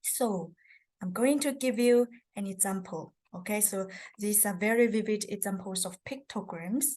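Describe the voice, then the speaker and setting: A woman's voice: mid-range voice, moderate pace, darkish tone. A woman, teaching a beginners' lesson on characters and tones, patiently explaining step by step. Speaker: language teacher. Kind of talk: presenting a Chinese lesson.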